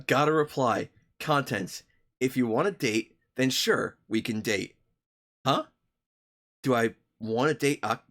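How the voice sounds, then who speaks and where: A man's voice: medium pitch, fairly bright tone. A young man streaming, reading a story aloud to his chat with profane, joking asides.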